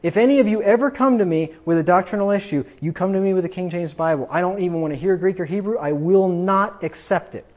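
A man's voice: high voice, quick pace, hardly any pauses, a little mellow, muffled recording. A man preaching a sermon from the pulpit, emphatic and combative, often repeating himself for force. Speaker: pastor.

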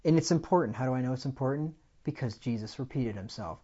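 A man preaching a sermon with animated delivery, rising loud on key points and asking the congregation rhetorical questions. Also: medium pitch, fast, husky, lo-fi sound.

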